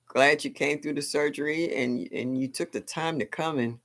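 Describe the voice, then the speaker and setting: A woman's voice: low-pitched, a little slow, a bit bright. An older woman hosting a live stream, chatting casually and exclaiming often, with frequent laughs. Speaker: livestream host.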